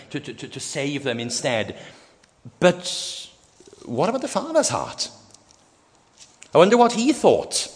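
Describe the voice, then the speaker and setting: A man preaching a sermon in an earnest way, building fervour and asking his listeners rhetorical questions. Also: mid-range voice. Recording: long hall reverb.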